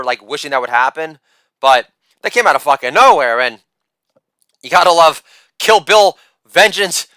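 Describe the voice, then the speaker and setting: A middle-aged man performing a boastful, theatrical stand-up comedy monologue with shouted catchphrases. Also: a little high, expressive, moderate pace, dry recording, clean studio sound.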